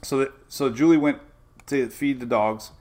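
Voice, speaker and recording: A man's voice: mid-range voice, moderate pace, darkish tone. An older man hosting a casual weather show, chatty and rambling with homey asides.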